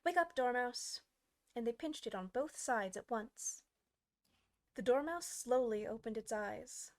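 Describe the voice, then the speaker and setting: A woman reading a classic children's book aloud as its narrator, in a clear, even manner. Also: a little high, a little slow. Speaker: audiobook reader. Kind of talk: storybook narration.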